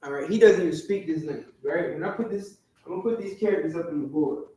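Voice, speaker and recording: A man's voice: a little high, quick pace, warm tone. A man teaching a class in a classroom, often stopping to check that his listeners follow. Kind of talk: classroom lecture. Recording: very echoey room, distant from the mic.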